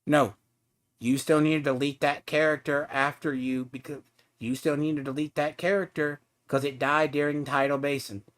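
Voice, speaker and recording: A man's voice: fairly high pitch, flat delivery, moderate pace, fairly bright tone. A man streaming a game, ranting at another player in a profane, taunting, mocking way. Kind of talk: heated live-stream rant at a player.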